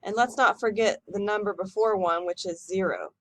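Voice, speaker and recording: A woman teacher giving a recorded lesson, modelling each number slowly and clearly for students to repeat. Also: mid-range voice, no echo. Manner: slow, careful model pronunciation for repeating. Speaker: Spanish teacher.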